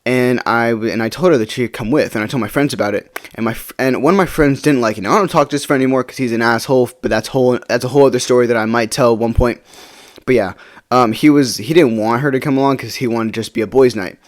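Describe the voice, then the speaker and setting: With a medium-pitched voice and a quick pace, this young man rambles through a personal story on a casual vlog. Fillers crop up constantly, especially "right?" as he checks in with whoever's listening.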